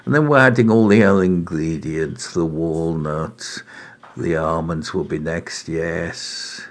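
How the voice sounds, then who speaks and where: A middle-aged man giving a relaxed cooking demonstration in his home kitchen, unhurried and chatty, often saying uh and right. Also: sits low. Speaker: home cook presenting a recipe.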